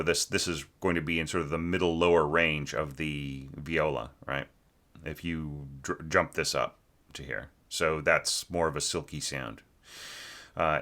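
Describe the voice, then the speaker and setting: Deep-voiced, bright-toned orchestration teacher. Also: male voice. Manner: rambling and conversational, keeps asking "right?"; sings short phrases to show a melody. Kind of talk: score critique lesson.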